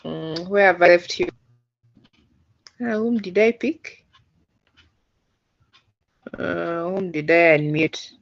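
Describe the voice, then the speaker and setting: A woman's voice: on the low side, slow, vocal fry, long pauses. A woman teaching a coding class over a video call, explaining patiently step by step with many fillers. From Uganda. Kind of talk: online class instruction. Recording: dull lo-fi call audio.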